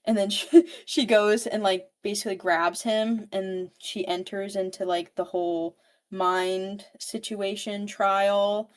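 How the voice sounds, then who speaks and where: A young woman co-hosting a book podcast, recapping a novel's plot in a casual, animated, profane way. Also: medium pitch, slow pace.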